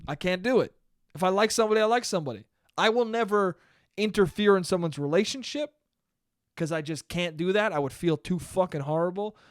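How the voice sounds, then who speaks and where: A man's voice: sits high, fairly quick, no room sound, studio quality. A young man hosting a solo podcast, rambling and swearing, often cutting himself off and laughing. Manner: rambling, profane, self-interrupting, laughs often. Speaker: podcast host. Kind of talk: casual solo podcast monologue.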